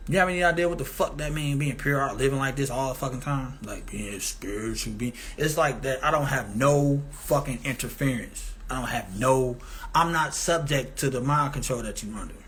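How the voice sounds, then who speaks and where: A man's voice: medium pitch, moderate pace, a bit bright. Man, rambling profane monologue, grandiose, meandering restarts. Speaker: commentator.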